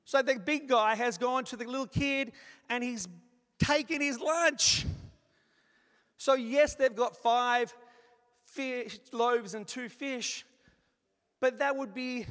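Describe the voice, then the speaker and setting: A man preaching a sermon in an animated, conversational way, acting out little asides as he goes. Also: very high voice, slow pace, pauses often. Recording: long reverb of a large hall.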